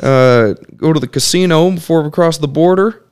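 A man's voice: on the high side, moderate pace, a little mellow, clean tone, pitched above the performer's own voice, natural voice. A man putting on the voice of his boisterous great uncle, a man in his seventies. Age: 70s.

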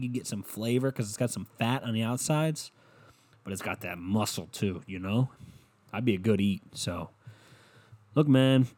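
A young man rambles through a crude comedy podcast, swearing freely and cracking himself up. His voice sits at an ordinary middle pitch. The sound is dry and close, with no room around it. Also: a little mellow, dry recording. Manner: profane, rambling, laughs at own jokes. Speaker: podcast host.

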